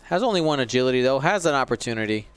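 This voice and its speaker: Man, smooth clear voice, play-by-play tabletop game commentary, explanatory. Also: medium pitch, animated, racing, faint music behind. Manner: play-by-play, explaining rules, wry.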